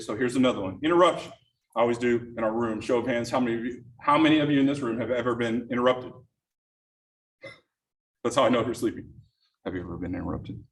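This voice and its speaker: A middle-aged man giving an interactive productivity workshop, engaging the room with frequent questions to the audience, speaking in a meeting room before a live audience. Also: medium pitch. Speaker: workshop presenter. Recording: echoey room, distant mic, faint noise.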